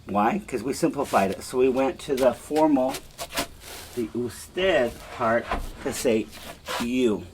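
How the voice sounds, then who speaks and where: A man teaching a Spanish class, slowly repeating verb forms for students to echo. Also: medium pitch, background noise. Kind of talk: classroom lesson with drills.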